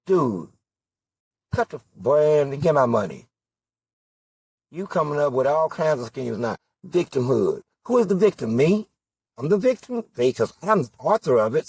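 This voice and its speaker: Slow, deliberate male political candidate, husky timbre, hammering rhetorical questions. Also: a little high, no echo. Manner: rhetorical questions, emphatic repetition. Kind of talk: impassioned political monologue.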